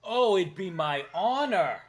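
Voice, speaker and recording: A male streamer with a Massachusetts accent chats casually with a co-host, his voice lively and full of pitch swings. He is playful and laughs easily, breaking in now and then to thank viewers who send money. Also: slow pace. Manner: playful, laughs often, reads out donations. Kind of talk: casual live-stream chat.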